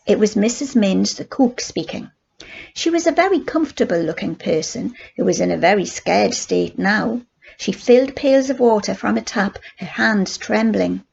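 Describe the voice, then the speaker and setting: An older woman, a grandmother, reading a children's book aloud in steady, plain narration. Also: medium pitch, moderate pace, vocal fry, slightly rough, dull audio. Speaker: grandmother storyteller.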